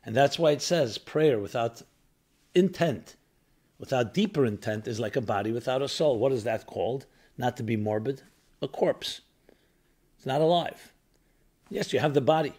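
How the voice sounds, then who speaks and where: A man's voice: medium pitch, moderate pace, pauses often, breathy edge. A man, a rabbi, giving a spiritual talk and animatedly telling teaching stories. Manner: animated storyteller, acts out quotes.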